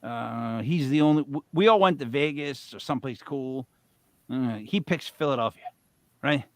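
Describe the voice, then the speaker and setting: A middle-aged man co-hosting a live show, telling a long casual story in a rambling, animated way, swinging between loud bursts and mutters. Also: mid-range voice, moderate pace, no room sound. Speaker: co-host.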